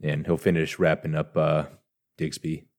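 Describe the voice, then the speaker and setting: Very deep-voiced male player, hesitant. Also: level tone, normal speed. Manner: soft, hesitant, full of "uh" and "kinda". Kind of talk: describing character actions in a tabletop game.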